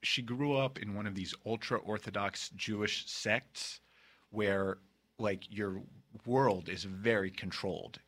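Campy, bright-voiced man in his fifties. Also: on the low side, fairly even intonation. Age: 50s. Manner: playful, campy, quick with jokes. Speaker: podcast host. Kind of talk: casual comedy podcast chat.

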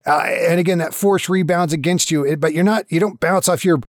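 A man's voice: fairly high pitch, brisk, no room sound, studio quality. A man narrating a tabletop game as game master, playful and dramatic, with frequent swearing.

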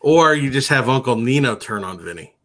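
A man's voice: mid-range voice, animated, fairly quick. A man co-hosting a sports radio show in casual chat, with dry, laconic replies. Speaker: podcast co-host.

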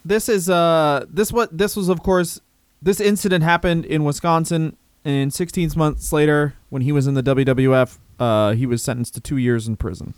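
A man co-hosting a comedy podcast tells a long, rambling anecdote, laughing and swearing along the way. His slightly high voice is smooth and clear, recorded dry and close. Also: steady tone, moderate pace, no room sound. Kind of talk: casual comedic chat.

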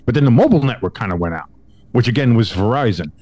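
A young man on a casual podcast, swapping stories with his co-host. His voice sits at a middle pitch but leaps around wildly as he acts out both sides of a conversation, cursing freely. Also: quick pace. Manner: animated storyteller, acts out quotes with big pitch jumps, swears. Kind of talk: casual chat.

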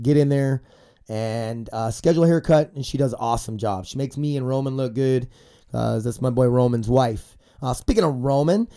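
A man's voice: mid-range voice, dark tone. A man in his forties hosting a casual podcast, rambling and cursing, his voice stuffy and congested from a cold. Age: 40s. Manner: profane, rambling, ranting. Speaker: podcast host.

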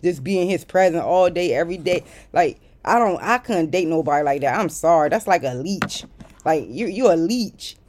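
A woman speaks straight to her viewers in a casual storytime rant. She is blunt, exasperated and heavily profane. Her voice jumps into loud outbursts, then drops to muttered asides. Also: fairly low pitch, animated, moderate pace, a little hiss or hum. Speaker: vlogger.

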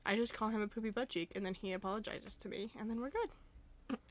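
A woman's voice: medium pitch, brisk. A young woman co-hosting a casual podcast chat, laughing easily and humming while she thinks. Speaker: podcast co-host.

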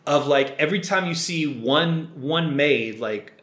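A man's voice: a little high, a little slow, roomy sound. A man co-hosting a podcast, chatting casually about a film and retelling scenes with lots of swearing. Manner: profane, animated retelling of scenes. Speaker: podcast co-host. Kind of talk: casual film review chat.

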